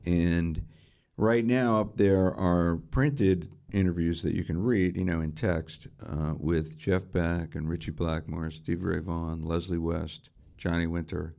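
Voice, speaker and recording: A man's voice: low-pitched, steady tone, measured pace, gravelly, dark tone. A middle-aged man, a guitarist and music writer, telling enthusiastic anecdotes as an interview guest and asking rhetorical questions. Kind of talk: storytelling in a conversational interview.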